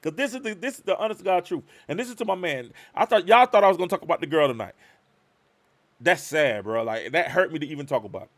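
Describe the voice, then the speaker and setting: Animated man telling a story on a live stream. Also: on the high side, fast. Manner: animated, acts out both sides of conversations. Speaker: show host.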